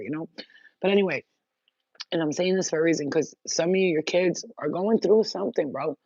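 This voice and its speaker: A woman's voice: on the low side, moderate pace, darkish tone, no room sound. Woman spiritual channeler, casual live chat, blunt and profane, dry lo-fi sound.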